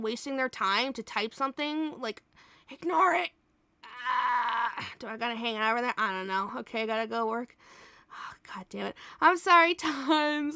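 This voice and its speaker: Young adult woman, high voice, bright, smooth, blunt, swears a lot, live-stream chat at a desk mic. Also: normal speed, no room sound. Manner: blunt, swears freely, laughs often.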